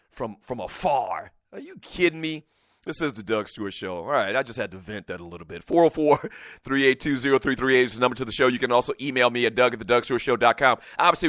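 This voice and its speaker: A middle-aged man hosts a sports talk radio show, venting animatedly and laughing often. His voice is mid-range, with no room sound.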